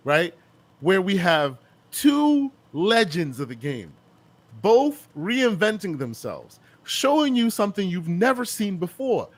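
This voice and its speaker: A man co-hosting a gaming podcast, bantering playfully like a hype man and calling people "sir". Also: a little high. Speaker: podcast co-host. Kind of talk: casual gaming podcast chat.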